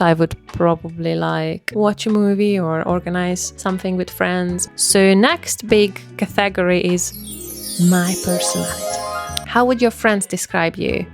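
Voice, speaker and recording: A woman's voice: lowish voice, gravelly. A woman from Hungary with a Hungarian accent, chatting casually and self-deprecatingly, with plenty of "like", in a get-to-know-me vlog. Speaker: vlogger.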